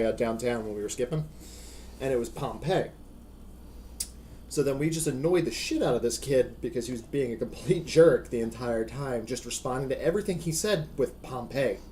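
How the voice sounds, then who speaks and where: A young man on a podcast, telling a story in animated casual chat with laughs. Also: mid-range voice, a little hiss or hum. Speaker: podcast host.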